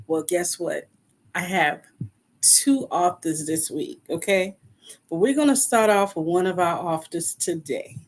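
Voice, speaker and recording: A woman's voice: on the low side, measured pace. A woman hosting a podcast interview, talking in an encouraging, folksy way and often checking in with her listeners. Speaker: podcast host.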